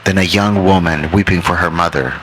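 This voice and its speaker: A man narrating a horror story in a measured, ominous way, drawing out key phrases. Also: deep voice, steady tone, fairly bright tone, a little hiss or hum, rough recording.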